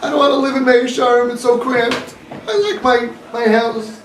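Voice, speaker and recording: A man voicing a pampered, whiny wife in a high falsetto, in an echoey room. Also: steady tone, moderate pace, noisy background. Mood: whining. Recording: echoey room, mic far off.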